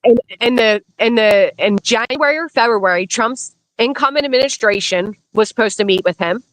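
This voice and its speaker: A woman's voice: on the high side, normal speed, a bit bright, no echo, poor audio. A woman from Pennsylvania giving blunt, emphatic commentary on a casual live stream. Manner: blunt, emphatic, repeats warnings.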